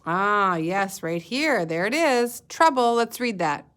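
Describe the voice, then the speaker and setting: A woman teacher guiding young children through a reading lesson at an unhurried pace. She sounds out letters and words carefully and patiently, in a mid-range voice. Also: medium pitch, expressive, a bit bright. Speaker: elementary school teacher.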